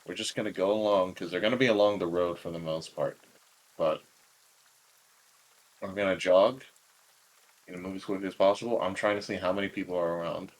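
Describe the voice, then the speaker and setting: A man playing a tabletop game, asking the game master quick, plain questions in casual chat. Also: low voice, fairly even intonation, poor audio.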